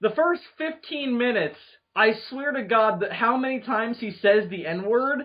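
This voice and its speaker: A man co-hosting a podcast, joking and provoking his friends in casual chat over muffled call audio. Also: very high-pitched. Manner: lively, joking, quick to laugh. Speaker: podcast co-host.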